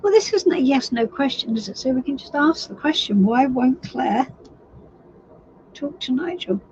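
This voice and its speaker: A woman's voice: high-pitched, animated, moderate pace, darkish tone. A woman giving a live tarot reading to viewers, chatty and sympathetic, often restarting her sentences. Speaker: tarot reader. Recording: slightly dull lo-fi stream audio with faint noise.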